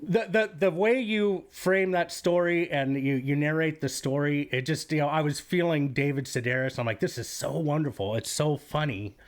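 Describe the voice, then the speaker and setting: A male podcast host with a slightly raised pitch keeps tripping over his words as he warmly stacks up his questions. His talk is full of restarts and fillers, casual and unpolished. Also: normal speed, hardly any pauses. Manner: hesitant, with many restarts and fillers. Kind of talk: casual interview.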